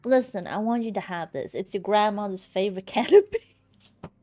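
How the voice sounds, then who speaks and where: A woman's voice: mid-range voice, moderate pace, dark tone, lightly acted. Woman doing a mopey dad in a goofy accent. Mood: wistful. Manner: silly put-on accent. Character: gloomy sentimental father of game hero.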